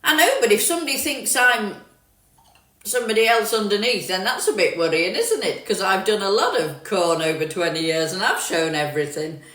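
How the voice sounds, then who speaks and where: Her tone is fairly bright and her intonation lively as she talks a little fast, sitting far from her phone's mic in a roomy space. She is a middle-aged London woman with a southern English accent mixed partly with northern, casually hosting a livestream and responding to comments she reads aloud.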